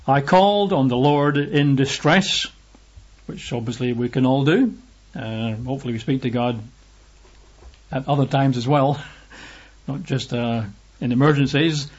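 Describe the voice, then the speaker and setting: Man, sermon, Bible reading, emphatic repetition, mid-pitched, husky, muffled lo-fi sound. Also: measured pace, long pauses. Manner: emphatic, repeats phrases for stress. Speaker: preacher.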